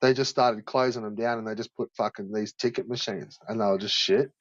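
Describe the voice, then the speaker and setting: A man's voice: on the low side, brisk, no room sound. A man casually telling a story, swearing often and filling his speech with "like". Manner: swears a lot, heavy use of "like", animated retelling. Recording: dull lo-fi dry recording.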